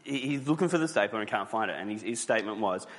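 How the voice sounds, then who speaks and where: A man's voice: lowish voice, lively intonation, fast, long reverb tail. A man preaching a sermon as pastor, talking conversationally and telling stories, with many fillers and restarts.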